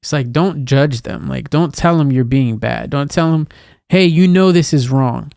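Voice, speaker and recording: A thirty-something man co-hosting a podcast chats in an animated, casual way about parenting, raising his voice to act out telling off a child. His pitch is fairly high, his speed normal, and his clean tone has some creak, captured dry with clean studio sound.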